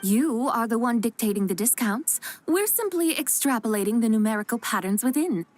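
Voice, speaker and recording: A cool-headed young woman from a video game who reasons aloud in a measured, precise way. Her delivery stays even and analytical. Faint game music sits behind her. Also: fairly high pitch. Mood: calm.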